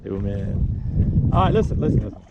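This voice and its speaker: In this very noisy, muffled recording, a man with a lowish, creaky voice talks at a moderate pace and is very animated. He's a fishing guide on a lake boat, joking around, laughing frequently and restarting sentences as he goes. The chat is the easygoing kind you'd hear in a fishing vlog.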